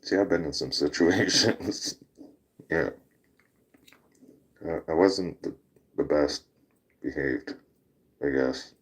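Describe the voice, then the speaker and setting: A man's voice: very deep voice, takes it slowly, pauses often, husky. A man hosting a casual talk show, telling a rowdy story with laughter and swearing. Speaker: podcast host.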